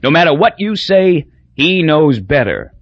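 Man doing a loud blustering drunk. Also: on the high side, sing-song, a little slow, dry recording, muffled recording, pitched above the performer's own voice, exaggerated voice. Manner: blustering, emphatic.

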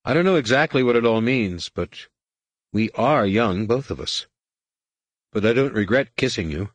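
A man's voice: on the low side, animated, moderate pace, no room sound. A male narrator voicing an awkward, sincere teenage boy in an audiobook.

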